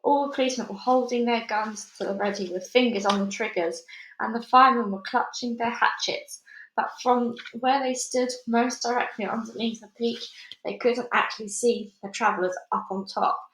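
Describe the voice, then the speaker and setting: Woman reader, bright higher voice, echoey room, reads with the odd stumble. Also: normal speed, a little hiss or hum. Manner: steady reading with small slips and restarts. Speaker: storybook reader. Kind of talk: chapter read-aloud.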